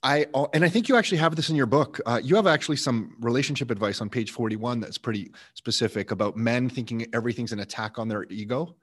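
A man's voice: mid-range voice, fast, few pauses, a bit bright, slightly rough. A man hosting a podcast, chatting casually, sharing his own experience with lots of fillers and repeats before asking questions. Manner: chatty and self-disclosing, many fillers and repeats. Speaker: podcast host. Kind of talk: casual interview chat.

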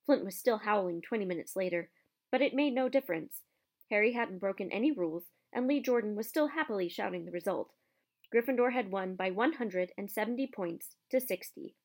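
A woman's voice: mid-range voice, a little fast. Woman reading a storybook aloud. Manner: steady storytelling. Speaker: audiobook reader.

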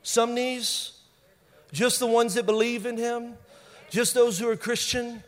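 High-voiced preacher in a reverberant hall. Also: male voice, steady tone, unhurried. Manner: emphatic, repeats key phrases for effect; swings between loud bursts and quiet, intense lines. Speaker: pastor. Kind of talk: sermon. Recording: long reverb of a large hall.

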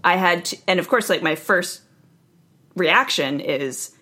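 Woman in casual chat, lowish voice, lively storyteller, swears a lot. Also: measured pace, slightly rough. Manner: animated storyteller, swears freely.

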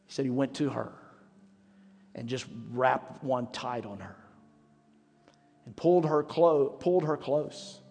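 A man's voice: mid-range voice, unhurried, creaky, long pauses, a little mellow. A man preaching a sermon as pastor, telling stories in a conversational way. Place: church sanctuary. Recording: long hall reverb with faint music.

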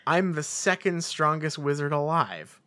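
A man's voice: fairly high pitch, lively intonation, a little slow, sharp tone. A treacherous old male wizard mentor, put on lightly by a man, melodramatic and self-pitying. The voice stays close to an everyday speaking tone, with mock-wounded complaints delivered in a comic dramatic fan-fiction reading. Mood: scornful.

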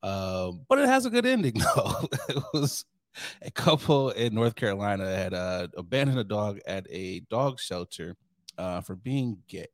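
Animated joking man. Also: fairly low pitch, normal speed, no room sound, studio quality. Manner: laid-back, joking, laughs often. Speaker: podcast host. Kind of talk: casual chat.

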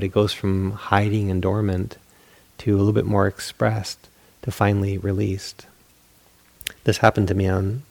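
In a meditation hall, a meditation teacher gives a dharma talk, telling a story with candid, self-mocking humor and acting out his own inner voices. His voice is fairly low, creaky, and darkish in tone.

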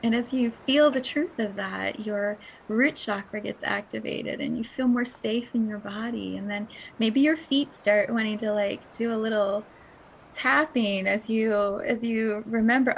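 Woman doing a spiritual podcast, dreamy and breathy, laughs a lot, drops to whispers, a bit gravelly, faint room hiss. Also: on the high side, measured pace, poor audio. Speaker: podcast host.

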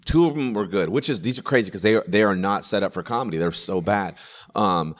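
A man who works as a stand-up comedian, telling a story in casual chat, animated and full of restarts. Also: on the low side, brisk. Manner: animated, acts out quoted voices, many restarts and laughs.

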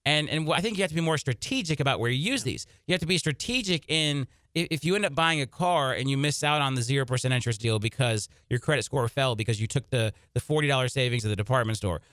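A man hosting a personal finance radio show, giving emphatic, energetic advice. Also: mid-range voice, fast talker, hardly any pauses, dry recording, studio quality.

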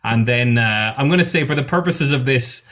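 A man's voice: mid-range voice, brisk, background noise. Casual, swearing male game master. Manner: casual, swearing, many fillers. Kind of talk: narrating a tabletop game.

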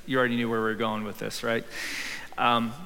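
A man, a pastor, preaching a sermon in a church with humor and a casual, conversational way of talking, sometimes raising his voice to a shout. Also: mid-range voice, monotone, fairly quick, creaky. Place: church sanctuary. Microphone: handheld or headset microphone. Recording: live hall reverb.

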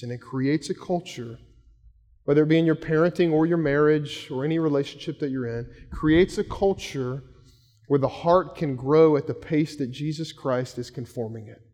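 Pastor, 30s, male, slightly high voice, chatty story-led preaching, long hall reverb. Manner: conversational storytelling, shouts when acting out quotes. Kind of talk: sermon.

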